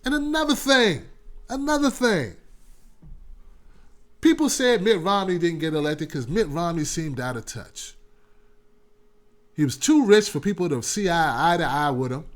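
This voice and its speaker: A man hosting his own call-in talk show, speaking loose, irreverent and full of slang. His voice sits fairly high for a man, and he riffs casually as if chatting with viewers. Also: lively intonation, moderate pace. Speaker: host of a call-in commentary show.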